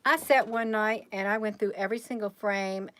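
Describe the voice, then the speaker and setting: A woman's voice: mid-range voice, fairly even intonation, moderate pace, a bit bright. A woman hosting a casual livestream, rambling and chatty as she keeps talking straight to her viewers.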